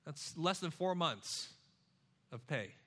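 A man preaching an expository sermon, moving between loud emphasis and hushed, low asides. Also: expressive, slow pace.

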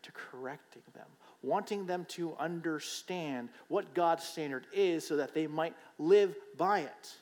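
A man's voice: medium pitch, darkish tone. A man preacher giving a sermon in a conversational, emphatic way, often checking in with "right?". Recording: long hall reverb.

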